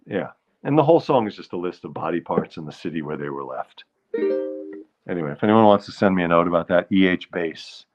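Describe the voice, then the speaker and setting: Male host, sings old standards, chats fast and jokey between songs, dull lo-fi sound, soft music behind. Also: low voice, animated. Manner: croons show tunes slowly, then chats fast and jokey. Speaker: host of a live music stream. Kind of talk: casual live-stream chat with singing.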